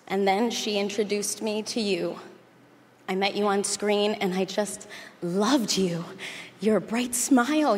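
Young woman, earnest tribute reader, mid-pitched voice, long hall reverb. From Chicago, USA. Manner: earnest, emotional, tender. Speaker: speaker giving a tribute. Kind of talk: reading a heartfelt tribute letter. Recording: reverberant hall with faint noise.

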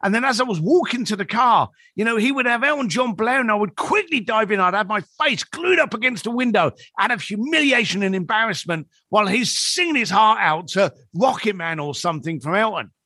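A man talking as a podcast guest, spinning a story and voicing the people in it. His voice sits fairly high and moves a lot in pitch. The recording is close and dry. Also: brisk, few pauses, no echo. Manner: animated storyteller who acts out quoted dialogue.

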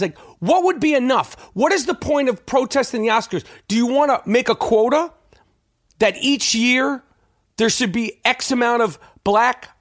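Podcast host, male, high voice, dry close sound, rants with profanity and tripping restarts. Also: no echo. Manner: rambling, profane, frequent stammered restarts. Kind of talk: casual opinion monologue.

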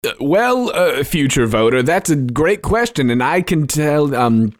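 A man playing a shifty, smooth-talking small-town mayor who tells stories with showy flourishes and dodges questions. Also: on the high side, sing-song, unhurried. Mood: evasive. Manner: showy storyteller, evasive.

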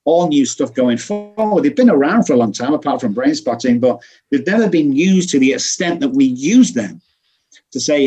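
A man's voice: medium pitch, lively intonation, moderate pace, dark tone, breathy edge. A man, a guest in an interview, explaining alcohol recovery earnestly and acting out quoted voices. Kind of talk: conversational interview.

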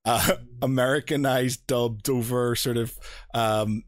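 A man chatting casually on a podcast, telling stories with lots of laughter and excited asides. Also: mid-range voice, slow pace, dry recording, clean studio sound. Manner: animated, laughs often, excitable storytelling. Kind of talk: casual chat.

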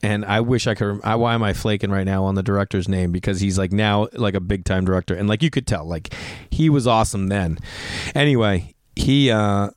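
A middle-aged man, a comedian hosting a podcast, chatting casually in a rambling, animated way with lots of restarts and asides. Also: fairly low pitch, a little fast, dry recording, clean studio sound.

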